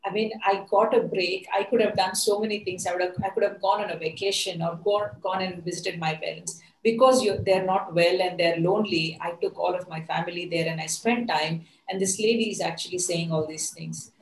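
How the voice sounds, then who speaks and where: A woman's voice: fairly low pitch, fairly even intonation, brisk, few pauses. A woman life coach telling an earnest motivational story, with many fillers, in an echoey room.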